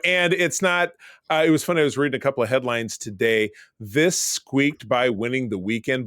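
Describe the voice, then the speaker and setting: A man's voice: on the low side, a bit bright, no echo. Male host, rambling conversational delivery, dry close recording. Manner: rambling, chatty show recaps. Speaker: podcast host. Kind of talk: casual chat.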